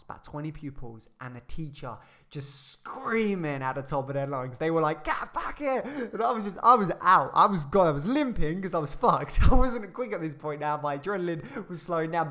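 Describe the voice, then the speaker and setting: A young man tells a casual personal story at a rapid clip. His voice sits a little high, and his rambling telling is full of swearing and asides. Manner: rambling, sweary, animated retelling.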